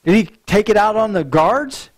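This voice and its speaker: Pastor guy preaching, pretty high voice, earnest, trips over his words a lot. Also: animated, moderate pace. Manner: earnest, repeats words when he stumbles. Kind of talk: sermon.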